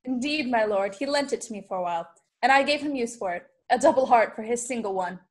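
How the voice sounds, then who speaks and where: Teen girl playing a witty sharp-tongued noblewoman. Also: a little high, lively intonation, close to an everyday voice. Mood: teasing. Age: late teens. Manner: quick mocking wordplay. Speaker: student actor. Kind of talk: Shakespeare school play over video call. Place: home. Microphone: video call.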